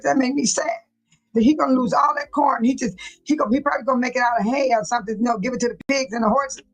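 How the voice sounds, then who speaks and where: Woman host, husky and a bit high, emotional casual reaction talk, faint music under her. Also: fairly bright tone, low-quality recording. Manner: emotional, repeats herself, talks straight to viewers. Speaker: livestream host.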